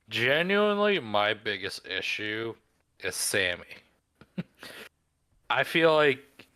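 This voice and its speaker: A man's voice: mid-range voice, pushed and bright, clear, resonant tone. A man co-hosting a podcast in casual chat, speaking thoughtfully. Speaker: podcast co-host.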